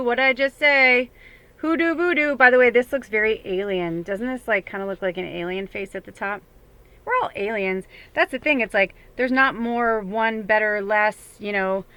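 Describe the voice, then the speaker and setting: A woman's voice: medium pitch, normal speed, sharp tone, clear, resonant tone. A woman giving a casual spiritual tarot reading, chatty and rambling, with many fillers and an occasional swear. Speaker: tarot reader.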